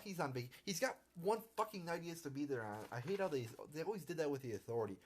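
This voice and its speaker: A man's voice: mid-range voice, lively intonation, fast talker, hardly any pauses. A young man ranting casually on a live stream, profane and irritated, full of restarts and stumbles. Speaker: wrestling commentary vlogger.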